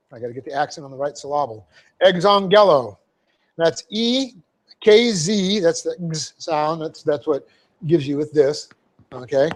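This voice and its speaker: A man preaching in a church, teaching a Bible verse methodically, spelling out Greek words letter by letter and often checking in with "okay?". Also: fairly high pitch. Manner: frequent fillers and "okay?" check-ins. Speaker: pastor. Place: church sanctuary.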